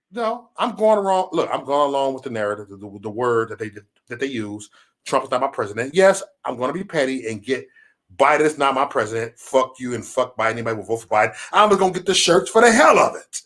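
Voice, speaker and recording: Guy ranting on his live stream, cussing a lot, voice jumps all over, kinda high. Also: fast. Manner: animated, swearing, acts out quotes. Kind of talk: profane political rant on a live stream.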